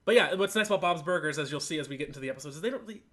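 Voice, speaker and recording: A man co-hosting a casual podcast, opinionated and animated as he thinks aloud about a cartoon. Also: fairly high pitch, very fast. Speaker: podcast co-host.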